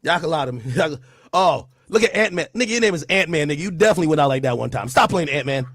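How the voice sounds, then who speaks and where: Male streamer from Jamaica, loud animated storyteller, lively pitch, dry booth sound. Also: racing, no echo. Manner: loud, animated storytelling with laughs and acted quotes. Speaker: streamer host. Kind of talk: casual livestream chat.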